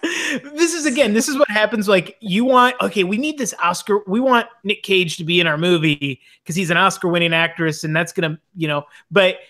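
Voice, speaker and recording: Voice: mid-range voice, normal speed, hardly any pauses, pushed and bright. A podcast co-host chatting casually in a movie review, rambling with many restarts.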